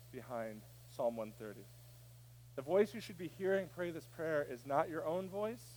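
A man preaching a sermon, dropping to a hush and then rising to a shout. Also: on the high side. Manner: preaching, swinging from hushed to shouting. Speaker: pastor.

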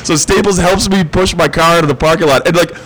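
A man's voice: fairly high pitch, quick pace, fairly bright tone, low-quality recording. A man, telling a rowdy story in casual chat, laughing often and swearing freely. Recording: faint background noise.

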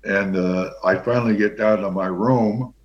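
Deep-voiced older man telling a story. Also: normal speed, a little hiss or hum. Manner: relaxed, rambling, with many fillers. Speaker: guest, former pro football player. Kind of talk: anecdotal storytelling. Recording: dull lo-fi sound.

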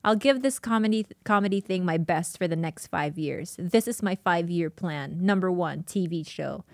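A woman podcast host reading a diary aloud and chatting, emotional and quick to laugh. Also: on the low side, dry recording, clean studio sound.

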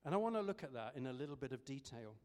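A man's voice: mid-range voice, sing-song, very fast, a little mellow. A man preaching a sermon in a conversational way, with frequent ums and restarts. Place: church service. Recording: echoey church hall.

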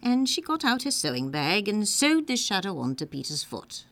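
Woman reading a kids story out loud, lively and playful. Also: medium pitch, moderate pace, dry recording. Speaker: narrator.

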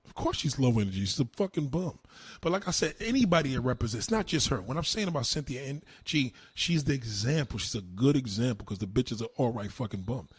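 A man ranting on a livestream, answering his chat in a loud, combative, mocking way. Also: mid-range voice, lively intonation, fast talker, husky, dry recording. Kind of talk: live-stream rant.

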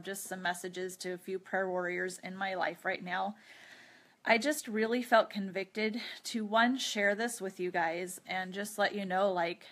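A woman's voice: mid-range voice, fairly bright tone. A woman hosting her own podcast, talking openly and earnestly about a personal struggle, with chatty asides and prayer, sounding teary after crying. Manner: earnest, open, chatty with light laughs. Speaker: podcast host. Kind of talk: personal confessional talk with prayer.

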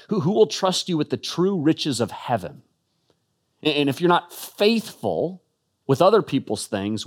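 A man giving an earnest, emphatic sermon-style talk as a Christian speaker, often stumbling into quick restarts. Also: mid-range voice.

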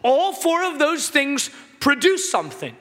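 A man preaches to his congregation in a very high, bright voice, breaking into jokes and then rising to a shout on the lines he wants to land. His sermon rings with the long reverb of a big hall. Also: measured pace. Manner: animated, joking preacher who shouts key lines. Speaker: pastor.

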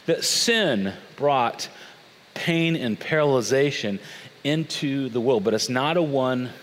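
A man preaching a sermon as a pastor, telling the story in a conversational, animated way with casual asides. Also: mid-range voice, slow pace. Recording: long reverb of a large hall.

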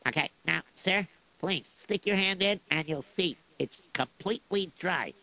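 A man's voice: high-pitched, unhurried, creaky, pushed and bright, voice pushed up, heavily acted. A man playing a poor, meek shoemaker who stammers and hesitates. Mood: eager.

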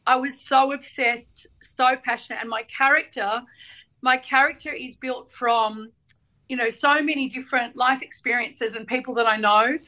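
Guest author: a high-pitched Australian woman, animated and chatty, acting out the people in her stories. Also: moderate pace, poor audio. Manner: animated storyteller, acts out voices in anecdotes. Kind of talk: casual chat.

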